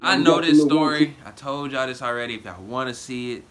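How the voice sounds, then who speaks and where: A man hosting a reaction video, talking excitedly and casually, swearing and saying "bro" a lot. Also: mid-range voice, brisk, over loud music.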